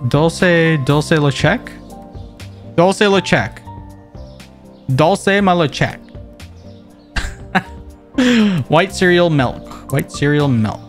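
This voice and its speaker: A man streaming a video game, chatting in a playful, joking way and jumping into excited exclamations. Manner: playful, jokey, bursts into excited high exclamations. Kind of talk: casual gameplay commentary.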